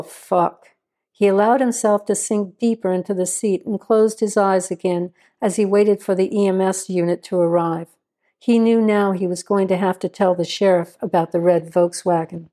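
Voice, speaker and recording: Woman reading a crime story, steady and even, soft mellow voice. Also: mid-range voice. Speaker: narrator. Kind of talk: scripted story narration.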